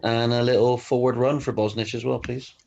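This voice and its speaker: A man with a gravelly, mid-pitched voice trades dry, wry remarks on a football game stream. The recording is dull and lo-fi. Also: little pitch movement, fairly quick, a little mellow, a little hiss or hum. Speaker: co-host. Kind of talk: casual game-stream chat.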